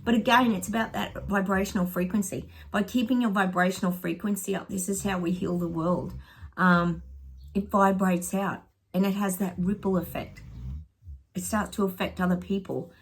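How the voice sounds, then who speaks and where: A middle-aged woman, a psychic giving tarot predictions, chats casually with viewers as she pulls cards, rambling and laughing a lot. Her voice is medium-pitched with a breathy edge, at a moderate pace.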